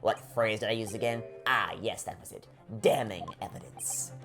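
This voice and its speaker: A man voicing a smug, theatrical male prosecutor in a measured, self-satisfied way. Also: lowish voice, fairly even intonation, music in the background, lightly acted.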